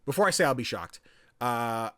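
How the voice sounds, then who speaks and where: A man's voice: medium pitch, expressive, moderate pace, a bit bright, dry recording, studio quality. A young man hosting a podcast, chatting casually about video games in a loose, swearing, playful way. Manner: loose and chatty, swears freely, acts out game characters. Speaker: podcast host.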